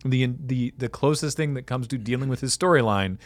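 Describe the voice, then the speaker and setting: A man talks through a wrestling show on a casual podcast and jumps into quick impressions of the wrestlers as he tells it. His voice sits mid-range and sounds close and dry, with no room around it. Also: medium pitch, no echo. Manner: animated storyteller acting out quotes. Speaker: podcast co-host. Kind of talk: casual chat recapping wrestling.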